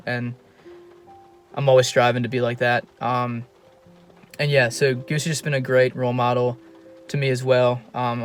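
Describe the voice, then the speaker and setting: An earnest young man records a heartfelt tribute to a friend. His delivery stays flat, and he keeps restarting and filling gaps with ums. Soft music plays faintly behind him. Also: mid-range voice. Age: young adult. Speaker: college student giving a tribute.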